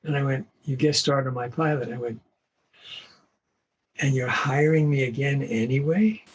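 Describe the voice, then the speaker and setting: An older male voice actor telling animated anecdotes in an interview, acting out the voices of the people he quotes. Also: mid-range voice, moderate pace, lo-fi sound, slight background noise. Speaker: guest voice actor. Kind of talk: storytelling interview.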